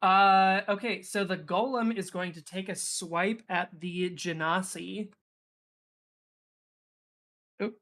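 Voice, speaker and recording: A man's voice: high-pitched, steady tone, measured pace, a bit bright. A young man narrating as game master, rambling with lots of fillers and restarts.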